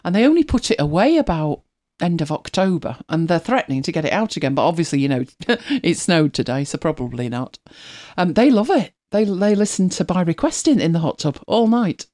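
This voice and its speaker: Very animated and fairly quick, her fairly low, darkish voice runs on with hardly any pauses. The middle-aged Manchester host has a mild accent and rambles, laughs a lot and reads listener comments in a casual chat.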